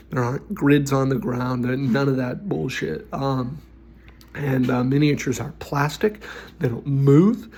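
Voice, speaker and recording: A man's voice: medium pitch, darkish tone, slightly rough. A man who runs tabletop games gives advice in a blunt, opinionated way, with lots of fillers. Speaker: game master giving advice. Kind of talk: casual opinionated talk.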